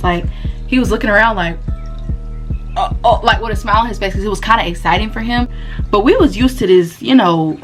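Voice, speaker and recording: A woman's voice: medium pitch, brisk, a bit bright, faint music behind. A young adult woman telling a story in casual, slangy talk, laughing often. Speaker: vlogger and small shop owner.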